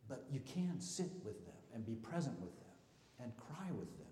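A man preaching a sermon as pastor of his church, talking in a relaxed conversational way with asides and rhetorical questions. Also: medium pitch, moderate pace, background noise. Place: church sanctuary. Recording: roomy hall reverb.

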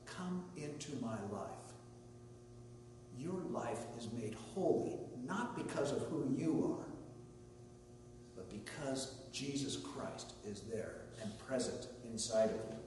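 A male pastor delivers a sermon in an easygoing, conversational way, with story asides and a bit of humor, at a middling pitch. He is picked up from some distance in a very echoey hall with a long reverb tail. A faint hum sits under his voice. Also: expressive, takes it slowly, darkish tone.

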